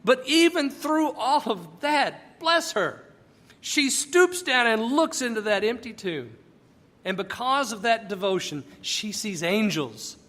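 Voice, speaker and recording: Male Bible teacher, high and bright, conversational and emphatic, long reverb. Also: very animated, slow.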